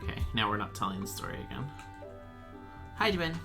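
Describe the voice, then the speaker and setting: A young man chatting while he plays a game, telling a rambling, animated story and swearing freely. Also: mid-range voice, fairly quick, vocal fry, over music. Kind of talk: casual storytelling chat.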